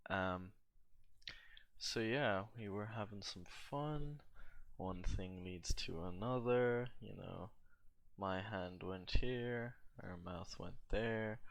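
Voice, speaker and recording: Young male streamer, low voice, rambling profane storytelling mid-game. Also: vocal fry, dry recording. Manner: profane, rambling and laid-back, with many fillers. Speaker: gaming streamer. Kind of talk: casual storytelling while playing a game.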